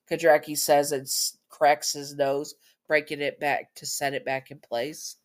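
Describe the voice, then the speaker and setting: A woman's voice: low voice, little pitch movement, unhurried. Woman reading fan fiction, stumbling. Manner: stumbling, apologetic, often corrects herself. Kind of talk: casual story read-aloud.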